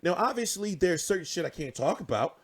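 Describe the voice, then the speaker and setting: A man's voice: sits high, fairly quick, husky. A young man hosting a boxing show, swearing freely and telling stories with animation. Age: 20s. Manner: profane, animated storytelling. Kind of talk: casual livestream chat.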